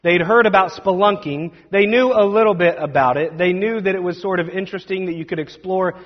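A man preaching and telling a story dramatically, swinging between loud and hushed. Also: high-pitched, brisk. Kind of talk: sermon storytelling. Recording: dull sound with long hall reverb.

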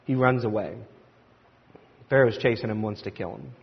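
A man's voice: on the low side, moderate pace, creaky, slightly rough. A man preaching a sermon, retelling a scripture story and quoting the figures with rising energy. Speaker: pastor. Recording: echoey hall, dull lo-fi sound.

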